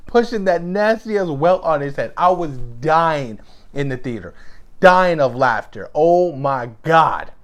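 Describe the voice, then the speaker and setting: Male reviewer, casual and animated, profane, laughs often, slightly higher voice. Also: a little slow. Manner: excitable, profane, laughs often, quotes scenes in animated bursts. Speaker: movie reviewer.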